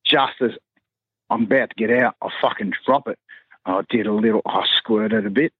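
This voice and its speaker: A man tells a crude story full of swearing. His voice is husky and a little breathy. The recording is muffled and dry, like a voice message. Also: fairly low pitch, normal speed, no echo.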